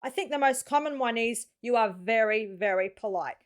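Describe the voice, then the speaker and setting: High-voiced Australian woman hosting. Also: animated, normal speed. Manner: chatty and informal, addressing viewers directly. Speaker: reaction video host. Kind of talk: casual reaction commentary.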